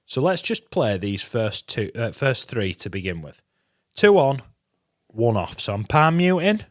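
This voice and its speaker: A man's voice: mid-range voice, sing-song, a little slow, no echo. A man teaching a guitar lesson, chatty and encouraging, counting beats aloud as he explains. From England. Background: guitar playing.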